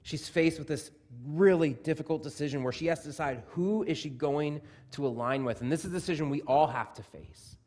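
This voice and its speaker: In a church sanctuary, a pastor in his thirties preaches a sermon, telling a story full of quick asides. For emphasis, he drops his voice soft and low.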